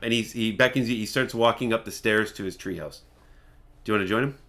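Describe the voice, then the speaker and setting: A man's voice: on the low side, moderate pace, pauses often, fairly bright tone. A man acting as game master, describing scenes in a meandering way and restarting his sentences.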